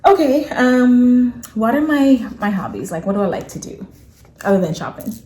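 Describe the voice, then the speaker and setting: A woman in her thirties co-hosting a casual couple Q&A, blunt and quick to laugh. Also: fairly high pitch. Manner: lively, blunt, laughs often. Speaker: co-host of couple channel. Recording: echoey room with faint hum.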